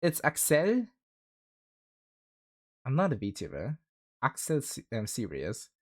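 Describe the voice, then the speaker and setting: Laid-back streamer just chatting, talks slow, voice jumps around a lot, lots of "like"s and giggles. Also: medium pitch, wildly swooping pitch, darkish tone. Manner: rambling, full of "like" fillers, laughs often. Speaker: livestreamer chatting with viewers. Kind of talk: casual stream chat.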